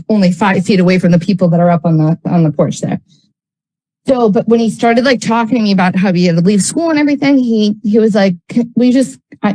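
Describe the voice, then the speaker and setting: A woman's voice: medium pitch, mellow, low-quality recording. A woman in casual storytelling, rambling with lots of filler words and blunt, frequent swearing. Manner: rambling, heavy use of "like" fillers.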